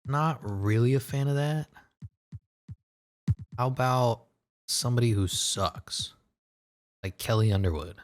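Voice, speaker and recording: Excitable man narrating a basketball game. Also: mid-range voice, measured pace, long pauses. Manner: excitable, swearing, jokey asides and laughs. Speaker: gaming commentator. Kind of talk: casual gameplay commentary.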